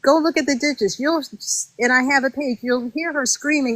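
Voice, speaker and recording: Former reality contestant, woman, higher voice, close dry mic, animated and aggrieved. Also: moderate pace, few pauses, no echo, rough recording. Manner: animated and indignant, acts out quotes. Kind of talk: casual interview storytelling.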